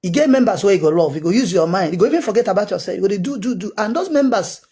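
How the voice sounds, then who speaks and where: Speaking rapid-fire in a high, expressive voice with a dark tone and breathy edge, a Nigerian-accented man who calls himself a prophet gives an insistent, heated monologue of commentary, returning again and again to the same points.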